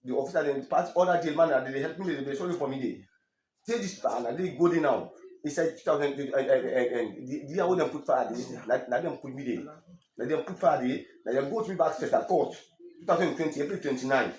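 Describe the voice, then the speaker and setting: Recorded in an echoey room, a man with a medium-pitched voice and a Sierra Leonean Krio accent tells his own story as an interviewee. His testimony is emotional and halting, full of stammered restarts, and he becomes animated whenever he quotes other people.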